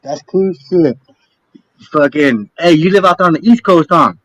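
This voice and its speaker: A man's voice: fairly high pitch, normal speed, fairly bright tone, no echo, poor audio. A man in his late thirties calling into a livestream, chatting casually in street slang and calling people "homie". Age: 30s. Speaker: livestream caller.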